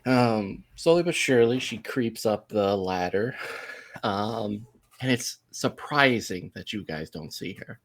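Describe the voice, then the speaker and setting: A man with a lowish voice narrates a tabletop game as its game master. He talks slowly, drifting along with plenty of ums and likes as he sets each scene. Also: lively intonation, gravelly, slight background noise. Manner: unhurried, rambling, full of ums and likes.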